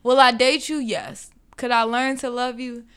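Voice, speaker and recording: A woman's voice: a little high, flat delivery, measured pace, sharp tone, clean tone. A young woman telling a dating story in casual chat, talkative and full of fillers. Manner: chatty, storytelling, frequent "like" fillers.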